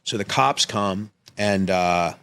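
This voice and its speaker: A man's voice: on the low side, slow, vocal fry, smooth. A man, a filmmaker guest on a podcast, telling a personal story casually, swearing and acting out what people said. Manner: animated, acts out quotes in raised voices, swears freely.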